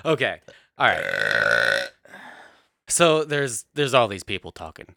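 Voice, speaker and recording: A man's voice: mid-range voice, animated, normal speed, a bit bright, a little hiss or hum. A man hosting a comedic, profane recap of a TV show, laughing often. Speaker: host.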